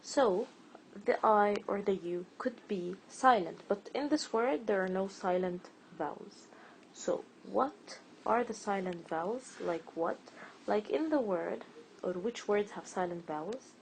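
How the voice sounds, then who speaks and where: A woman gives a spelling and pronunciation lesson at an unhurried pace, repeating each word and drawing out its stressed syllable. Her voice sits in a middle range. A clear noisy hiss runs behind her. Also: medium pitch. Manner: patient, repeats words slowly, stretches stressed syllables. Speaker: teacher.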